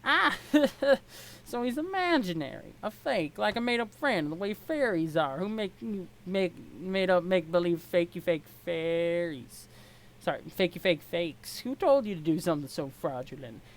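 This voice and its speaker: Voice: mid-range voice, expressive, a little slow. A brash, mocking cowboy troll, as put on by a reader, in a clumsy fake Southern accent. The drawl slips and stumbles, all swagger and jeering. It's a comic webcomic read-aloud voice. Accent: put-on bad Southern accent.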